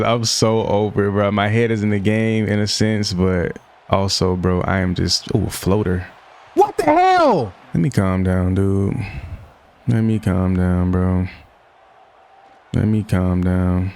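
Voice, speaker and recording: A young man giving casual commentary over a football video game, often frustrated and venting as he plays. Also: low voice. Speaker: gaming YouTuber.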